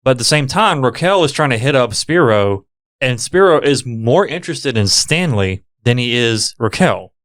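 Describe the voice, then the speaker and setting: A man's voice: mid-range voice, expressive, moderate pace, a bit bright. Laid-back podcast guy retelling a film. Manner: laid-back storytelling, fillers like "literally" and "like". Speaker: podcast co-host. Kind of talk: casual film recap chat.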